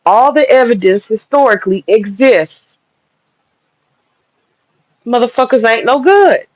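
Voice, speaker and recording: A woman's voice: a little high, expressive, a little slow, no room sound. A woman holds forth on her livestream in a blunt, profane, heated rant. She hits her points hard. The audio is dull, lo-fi and dry. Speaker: livestream host.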